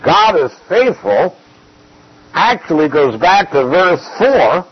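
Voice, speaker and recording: A man's voice: sits high, big pitch swings, slightly rough. Man teaching Scripture on dull lo-fi audio. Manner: measured, emphatic teaching with repeated key phrases. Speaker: Bible teacher. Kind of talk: expository Bible teaching.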